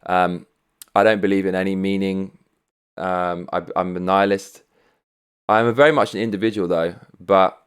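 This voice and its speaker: A man vents to camera in a loose, profane rant, full of sarcasm and chuckles. His voice sits on the lower side. He records from his own home studio. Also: smooth. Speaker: vlogger host.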